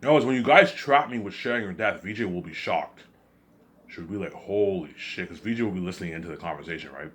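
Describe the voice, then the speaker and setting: This man's voice sits low yet has a fairly bright tone, and he's expressive and quick with his words. Speaking as a vlogger directly into the camera, he delivers an agitated rant, repeating himself and hurling accusations.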